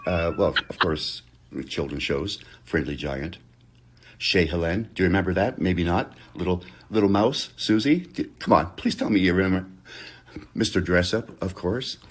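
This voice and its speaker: An older man from Canada, a guest comedian, giving a dry, deadpan recorded message full of self-mocking jokes. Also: sits low.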